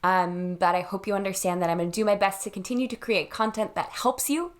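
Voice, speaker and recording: A woman's voice: medium pitch, steady tone, a little fast. A woman in her thirties, a wedding planner, talking earnestly and reassuringly to camera from her home. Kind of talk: direct-to-camera vlog.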